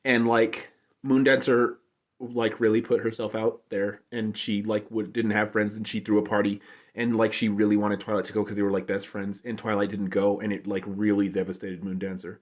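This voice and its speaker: A man's voice: lowish voice, little pitch movement, moderate pace. A man giving an unscripted, casual review, rambling along and saying "like" constantly. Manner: rambling, heavy use of "like" fillers. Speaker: show reviewer.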